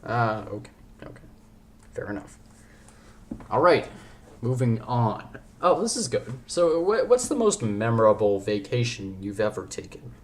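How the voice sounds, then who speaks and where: A man's voice: medium pitch, big pitch swings, unhurried, slight background noise. A young man hosting a podcast in casual chat, rambling and joking, often cutting himself off mid-sentence. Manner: rambling, jokey, self-interrupting. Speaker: podcast host.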